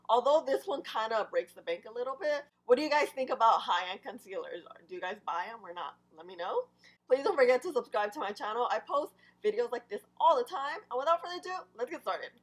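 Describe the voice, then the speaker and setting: A young woman with a fairly deep, early-morning voice, chatting excitedly to viewers as she reviews and applies makeup. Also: low-quality recording. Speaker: beauty vlogger.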